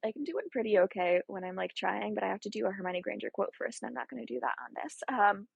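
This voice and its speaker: A young woman with a husky, slightly breathy voice talks in a loose, rambling way, full of fillers and side comments. She sounds close to the mic in a dry room with no echo. Her pitch sits in the middle for a woman. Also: fast, muffled recording. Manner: chatty, rambling, heavy with fillers and asides. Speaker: video essayist. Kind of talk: casual chat.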